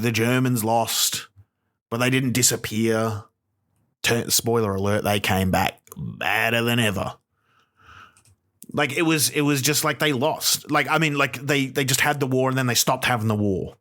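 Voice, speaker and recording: A man's voice: mid-range voice, a bit bright. A man with a mid-range voice, ranting in stand-up comedy style. He rambles, swears constantly and leans on sarcasm. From Australia. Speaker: comedian, podcast host.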